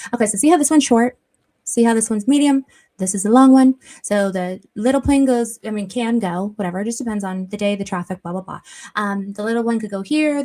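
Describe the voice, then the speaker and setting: A woman with a fairly high voice hosts a livestream from her office. She rambles in a loose, chatty way and leans on fillers like "like" and "blah, blah" as she talks her viewers through things. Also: darkish tone. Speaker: livestream host. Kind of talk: casual livestream commentary. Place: her office without air conditioning.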